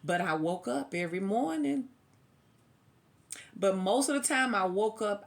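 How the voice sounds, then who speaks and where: A woman giving a casual tarot reading, chatty and preachy, laughing often. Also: medium pitch. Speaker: tarot reader.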